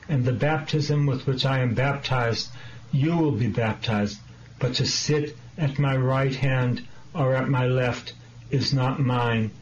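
A male priest delivers a sermon at a deliberate, unhurried pace, earnest and emphatic. The recording sounds dull and lo-fi, with a faint hiss underneath. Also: mid-range voice. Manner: slow, earnest preaching with emphatic questions.

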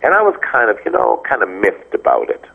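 A man's voice: on the low side, brisk, creaky, husky. A man, a priest, giving a Bible teaching on the radio, telling stories and acting out the people he quotes. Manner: animated storytelling, acts out quoted dialogue. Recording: dull lo-fi radio sound.

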